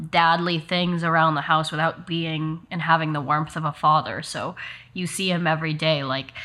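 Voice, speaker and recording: A woman chatting as a player in a tabletop role-playing game, quick and laughing as she describes her character. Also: sits low, pushed and bright. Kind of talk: casual chat as a tabletop player.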